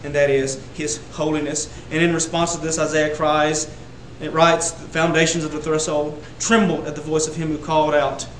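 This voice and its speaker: A man delivers a sermon to his congregation, his voice sitting a little high. He builds to loud, emphatic peaks on repeated phrases. The sound is roomy, with a faint hum of ambience behind him. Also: flat delivery, moderate pace, hardly any pauses. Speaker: preacher. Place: church sanctuary.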